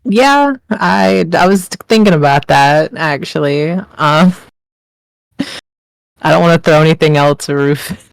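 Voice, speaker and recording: Hesitant, unhurried player with a gravelly voice. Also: medium pitch, dry recording, low-quality recording. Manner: hesitant, laughing. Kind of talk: playing a tabletop game.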